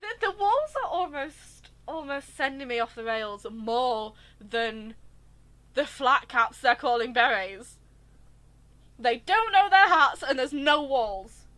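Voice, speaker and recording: A woman ranting through a headset during her live game stream, exasperated and animated. Her voice is high and bright, and it swings widely in pitch as she gets worked up. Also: slow pace. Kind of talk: live gaming stream commentary.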